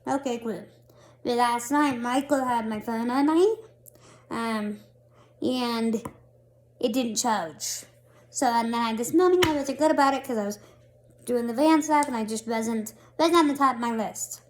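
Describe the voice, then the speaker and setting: A woman in her thirties tells a story straight to her phone, high-voiced and animated. She pokes fun at herself as she goes. The talk is casual and lively. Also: measured pace, a little hiss or hum. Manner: animated, laughing, self-mocking. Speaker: vlogger.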